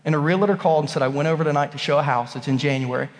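A man in his thirties preaching a sermon in a church, telling stories in an animated way and acting out the voices. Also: fairly high pitch, very fast. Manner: animated storytelling, acts out voices. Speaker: pastor. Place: church sanctuary. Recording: long hall reverb.

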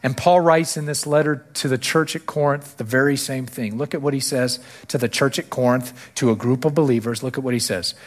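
A man's voice: medium pitch, fairly even intonation, fairly quick, few pauses. A male pastor delivering a sermon to his church, repeating key phrases and lifting his voice to stress them. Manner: preaching with rising emphasis on key phrases.

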